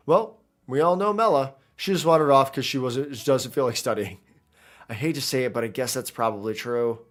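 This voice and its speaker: A man's voice: mid-range voice, fairly quick, a bit bright. Chatty man streaming a game. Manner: rambling, chatty, self-interrupting. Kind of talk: casual gameplay commentary.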